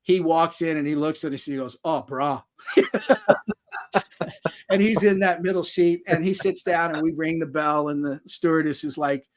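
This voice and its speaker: Male author guest, folksy storyteller, rambling and self-mocking, slightly higher voice, video call audio. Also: fairly even intonation, brisk, few pauses. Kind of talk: casual storytelling on a live chat.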